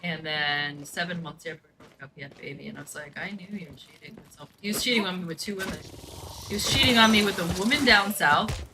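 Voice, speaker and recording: Blunt low-voiced young woman telling a story. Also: quick pace, background noise. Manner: blunt, profane, fills speech with "like". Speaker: gaming streamer. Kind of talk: casual storytime chat.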